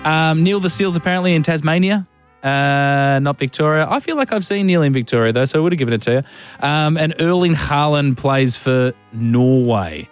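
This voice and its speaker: A man's voice: a little high, soft background music. A man hosting a radio quiz, teasing his co-host and filling gaps with ums. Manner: teasing, quick, lots of ums.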